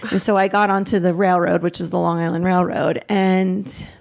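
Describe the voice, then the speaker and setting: A middle-aged woman, a podcast guest, telling a raw personal story in a rambling, animated way, acting out what each person said. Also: lowish voice, moderate pace, creaky. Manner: rambling, animated retelling with quoted dialogue.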